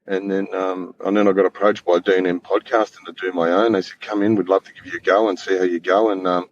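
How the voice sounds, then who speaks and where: A man's voice: low-pitched, level tone, fast. A middle-aged Australian man talking as a podcast guest in casual chat, rambling, swearing freely and restarting his sentences. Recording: slightly dull lo-fi audio with faint noise.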